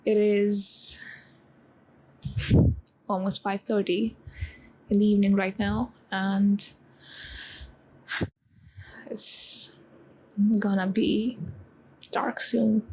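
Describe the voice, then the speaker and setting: A woman in her twenties talking in a confessional vlog, halting with many pauses and close to tears. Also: mid-range voice, flat delivery, darkish tone, breathy edge, low-quality recording. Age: 20s. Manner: halting, full of pauses and restarts. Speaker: vlogger.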